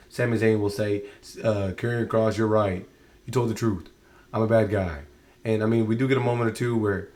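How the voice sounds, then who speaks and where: A man giving a casual spoken review of a show, exasperated and rambling, often restarting his sentences. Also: fairly low pitch.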